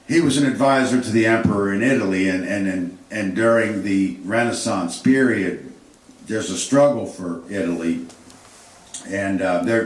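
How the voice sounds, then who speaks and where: A man lectures on history off the cuff, stumbling over repeated words and fillers as he thinks aloud. His voice sits low and reaches the mic from some distance, with a roomy echo around it. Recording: echoey room, distant mic.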